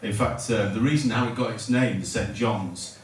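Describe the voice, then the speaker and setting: A middle-aged man rambles through a stand-up set, stopping himself mid-sentence before dry punchlines. His low voice reaches the listener from a distance in a very echoey pub room. Heavy room noise and audience laughter sit behind him. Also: normal speed. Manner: rambling, self-interrupting delivery with dry punchlines. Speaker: stand-up comedian. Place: pub function room at a comedy night.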